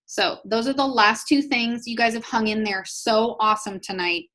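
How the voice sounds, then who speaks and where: A woman's voice: on the high side, fairly even intonation, normal speed, a bit bright. A woman leading a live online business training, chatty, upbeat and encouraging, talking straight to her audience. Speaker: network marketing trainer.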